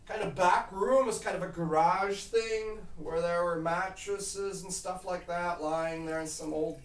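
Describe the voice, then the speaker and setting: A man's voice: sits high, a little hiss or hum. A man telling a casual travel story at home, rambling with lots of fillers. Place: home kitchen. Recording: roomy kitchen, mic at a distance.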